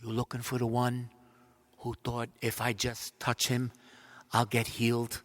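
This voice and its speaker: A man acting out a humbled woman quietly confessing that she touched a healer, in a soft, earnest, halting way. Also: medium pitch, monotone, close to an everyday voice.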